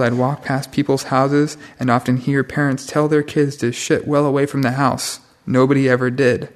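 A man, a senior monk, giving a stern, plain-spoken Dhamma talk to monks and novices. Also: mid-range voice.

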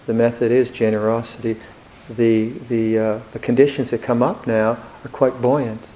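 A man giving a Buddhist dharma talk in a reflective, gently humorous way, with hesitant restarts. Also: mid-range voice, a little hiss or hum, rough recording. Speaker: Buddhist monk teacher.

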